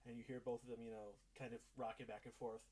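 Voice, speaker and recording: A man runs a tabletop game as its game master, describing scenes in a loose, casual way. His voice is slightly husky and sits at an ordinary pitch. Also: level tone, fast, warm tone, poor audio. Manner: casual, descriptive narration with fillers.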